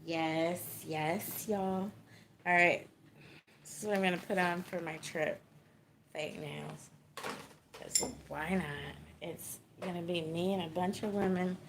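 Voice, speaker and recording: A Texan woman chats in a slow, unhurried drawl as she livestreams from her small home. Her voice carries a gravelly fry. A faint hiss of noise sits behind her. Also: lowish voice, fairly even intonation. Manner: laid-back, chatty, laughs often, swears, greets viewers. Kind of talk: casual livestream chat.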